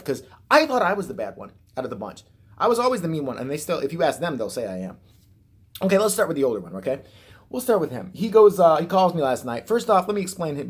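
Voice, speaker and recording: A man from Chicago ranting casually to camera in a profane, sarcastic, rambling way. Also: a little high. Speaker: vlogger. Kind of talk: casual vlog rant.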